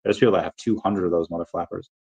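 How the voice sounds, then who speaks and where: A man with a somewhat low voice hosts a casual livestream and talks through viewers' questions. He rambles, corrects himself mid-sentence and drops into playful put-on voices when he reads out chat. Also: fairly even intonation, very fast, creaky, darkish tone, dull audio. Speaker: livestream host answering chat.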